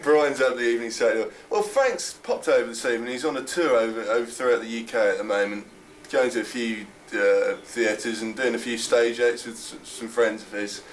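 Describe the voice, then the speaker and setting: A teenage boy hosting a spoof chat show in a mock-formal patter, often cracking up mid-line. His voice sits mid-pitch and comes from a distance on an old home video with faint hiss. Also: a little fast. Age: teens.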